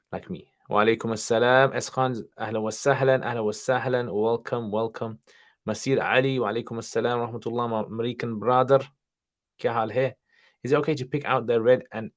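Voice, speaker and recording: A man hosting a casual livestream, reading viewers' questions aloud and answering them offhandedly, sprinkling in Arabic greetings and religious terms. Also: medium pitch. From studied nine years in Pakistan, now in England.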